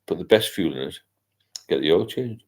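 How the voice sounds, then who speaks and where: A man's voice: deep voice, lively intonation, moderate pace, a little mellow. An older man, hosting a casual late-night livestream and rambling as he reads out viewer comments. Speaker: livestream host.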